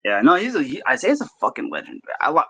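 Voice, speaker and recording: Brief: cocky man from California trash-talking, slightly high voice, loose and profane. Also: huge pitch swings, fast, fairly bright tone. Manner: brash, profane trash talk, jokey. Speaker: slap fighter guest. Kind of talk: casual interview chat.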